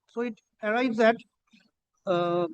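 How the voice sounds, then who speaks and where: A man presiding as judge in court, measured, cutting in often and repeating "learned counsel". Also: high-pitched, smooth, no room sound. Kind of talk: courtroom exchange. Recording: dull lo-fi courtroom feed.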